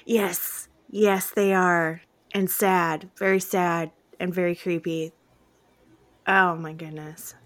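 A woman hosting a podcast in casual chat, expressive and gushing, with frequent exclamations. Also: lowish voice, slow. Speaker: podcast host.

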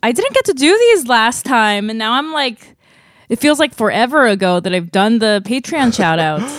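A woman co-hosting a podcast in casual chat, lively and rambling with playful asides. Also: on the high side, moderate pace, no echo, studio quality. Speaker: podcast co-host.

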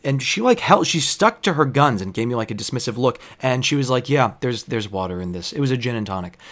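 A man, a bartender, telling a long personal story from work. He swears freely, wanders off into digressions and pauses to reflect on how he acted. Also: medium pitch, animated, fairly bright tone. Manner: digressive, profane, self-reflective.

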